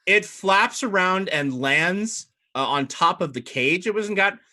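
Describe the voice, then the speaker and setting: Man game master, bright tone, rambling easy narration. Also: high-pitched, lively intonation, unhurried. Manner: loose, rambling narration with many fillers. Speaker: dungeon master.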